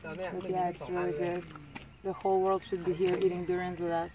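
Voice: mid-range voice, monotone, moderate pace, a crowd in the background. Someone chatting casually and playfully, gushing while eating with friends outdoors. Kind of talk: casual chat.

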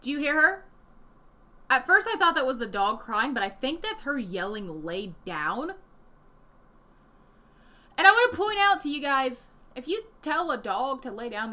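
A woman giving casual reaction commentary from home, indignant and animated, swearing often. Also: high voice. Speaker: commentary vlogger. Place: home room with desk and a dog nearby.

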